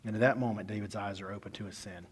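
A man with a low, steady, slightly rough voice races through a sermon in a church hall full of echo. His preaching feels like storytelling, lurching between loud stresses and soft side remarks.

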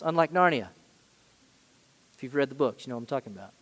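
A man preaching a sermon as pastor, emphatic, swinging between loud stresses and quiet asides. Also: medium pitch, animated, fast talker, pauses often, in a large hall.

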